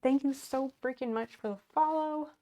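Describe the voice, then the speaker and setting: A woman's voice: high voice, normal speed, dark tone. A woman livestreaming from her home office, chatting casually as she sorts and works, greeting and thanking viewers and laughing often. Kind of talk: casual livestream chat while doing home chores.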